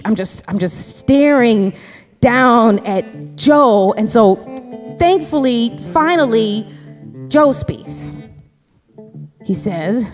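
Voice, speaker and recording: A woman telling a story live on a theater stage, fast and chatty, full of "like" and "you know.". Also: fairly high pitch. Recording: live theater hall reverb, faint music.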